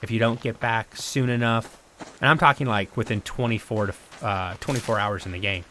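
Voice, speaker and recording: A man streaming a survival game live, thinking aloud in a relaxed, rambling way as he plays. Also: on the low side, brisk, slight background noise. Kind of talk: casual live-stream gameplay commentary.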